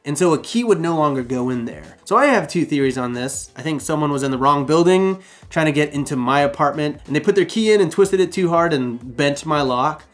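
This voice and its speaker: A man's voice: fairly high pitch, lively intonation, a little fast, hardly any pauses. A man in his thirties telling stories in a casual vlog, with jokey asides and acted-out quotes. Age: 30s. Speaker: short-term rental host.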